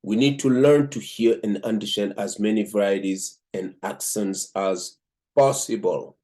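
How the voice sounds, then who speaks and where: A man from Africa with an African accent hosts a show, reviewing a book and reading it aloud in a measured way with frequent "um" pauses. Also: on the low side, steady tone, dark tone. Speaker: host and book reader.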